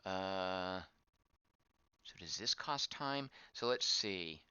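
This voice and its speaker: A man's voice: low-pitched, animated, extremely slow, pushed and bright, clean tone, no echo. A man giving casual gameplay commentary as he plays, thinking aloud, wondering and reacting to what is on screen. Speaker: game streamer. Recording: dull lo-fi dry voice track.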